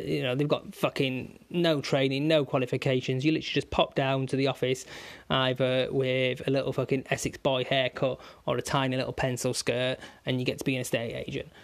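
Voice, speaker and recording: A man's voice: medium pitch, fairly even intonation, fairly quick. A man delivering an angry, constantly swearing comic rant, stringing insults together. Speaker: vlogger.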